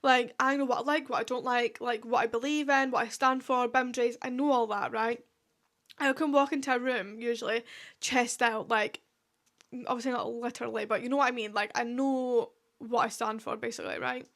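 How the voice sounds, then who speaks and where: A woman's voice: fairly high pitch, fairly even intonation, brisk, fairly bright tone. A young woman in her twenties with a Scottish accent, hosting a casual solo podcast in a chatty, rambling way full of fillers and asides. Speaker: podcast host.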